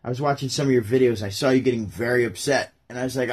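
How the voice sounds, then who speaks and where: A man's voice: mid-range voice, rapid-fire, slightly rough. A man who hosts his own channel reads scripture aloud and comments on it, rambling and joking as he talks straight to his viewers. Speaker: YouTuber and podcaster. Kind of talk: casual Bible reading and commentary.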